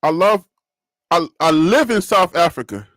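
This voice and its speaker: A high-pitched man hosts a live sports talk stream, chatting casually and laughing often. His voice swings lively up and down, and it sounds dry and close with no room around it. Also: a little slow, no room sound.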